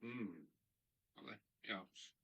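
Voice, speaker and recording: Male live-stream host, casual rambling chat, unhurried delivery. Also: lowish voice, fairly bright tone, low-quality recording. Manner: rambling, chatty, musing aloud. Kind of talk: casual chat reading viewer comments. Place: hobby room in a loft.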